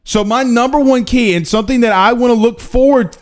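A man's voice: extremely high pitch, fairly quick. A young man hosting a sports podcast, talking casually and energetically, repeating himself for emphasis. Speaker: podcast host.

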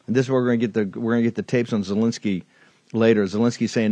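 A man's voice: medium pitch, fairly even intonation, fast talker, mellow, no room sound. A man hosting a political talk show, ranting in a heated, rambling way with many restarts and asides. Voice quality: rambling, fired up, frequent restarts. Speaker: host.

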